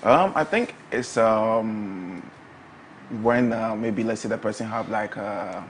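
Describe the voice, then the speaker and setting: A young man, a barber answering interview questions softly and hesitantly, with many fillers. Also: on the low side, takes it slowly, a little hiss or hum, poor audio. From Ghana. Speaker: guest barber.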